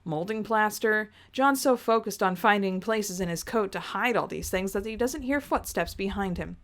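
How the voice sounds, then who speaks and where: A woman reading a story aloud and reacting to it in a chatty, expressive way. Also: medium pitch. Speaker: reader reacting to fan fiction.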